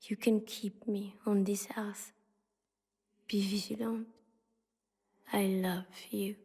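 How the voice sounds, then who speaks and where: The spirit of a city in a whispered role-play, breathy and hushed, speaking slowly and evenly. Her voice trails into a long, hall-like reverb. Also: mid-range voice, flat delivery. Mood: intimate whisper. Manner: slow, hushed and intimate. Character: whispering spirit of a city, female, intimate, devoted.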